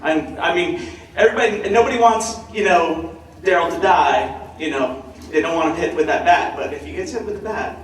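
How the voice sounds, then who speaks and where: A man's voice: on the high side, a little fast. A man asking a question from the audience at a convention panel, eager and stumbling over his words. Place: large convention hall. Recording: echoey hall, distant mic, crowd noise.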